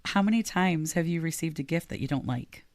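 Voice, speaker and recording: A woman's voice: low voice, a little fast, dry recording. A woman podcast co-host and leadership coach, talking casually and earnestly and laughing easily.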